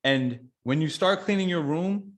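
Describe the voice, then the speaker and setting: Blunt, animated man on a podcast. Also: a little high, unhurried. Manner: blunt and swearing, rambling with restarts, builds into lively examples. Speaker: podcast guest. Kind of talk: casual conversation.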